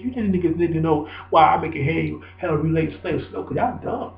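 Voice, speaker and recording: A man's voice: a little high, fairly quick, creaky, few pauses, slight background noise. A man giving a rambling, preachy spoken monologue, repeating himself for emphasis. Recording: echoey, dull lo-fi recording.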